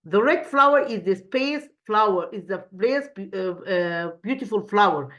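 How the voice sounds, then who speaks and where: Halting woman teaching English, muffled recording. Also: mid-range voice, animated, fairly bright tone. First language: Arabic. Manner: halting, repeats words, asks and answers her own questions. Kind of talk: recorded classroom lesson.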